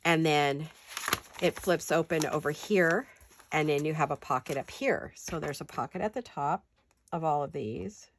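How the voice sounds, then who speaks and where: A woman's voice: deep voice, normal speed, a little hiss or hum. Chatty stuffed-up woman crafting at home. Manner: chatty, rambling and self-deprecating. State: stuffed-up nose from a head cold. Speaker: paper-craft vlogger. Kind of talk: casual crafting tutorial.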